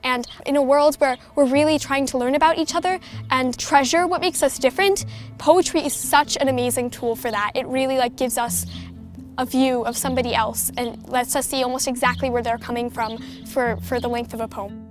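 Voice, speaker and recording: Teen girl poet, high voice, soft earnest delivery, music bed underneath. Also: steady tone, brisk. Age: teens. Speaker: youth poet. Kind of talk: spoken word poetry and reflective interview.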